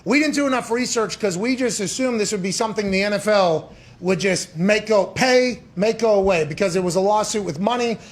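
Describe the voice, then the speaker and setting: A man with a high voice hosting a radio talk show. He asks long, meandering questions in a casual way. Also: a little fast, few pauses.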